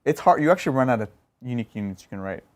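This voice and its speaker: A man co-hosting a casual gaming podcast, answering listener questions and breaking into excited, laughing exclamations. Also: medium pitch, rapid-fire. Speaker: podcast co-host.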